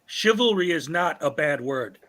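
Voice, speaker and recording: A man's voice: a little high, expressive, moderate pace, bright, forceful tone. A man co-hosting a casual talk show, telling chatty anecdotes. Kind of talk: casual chat.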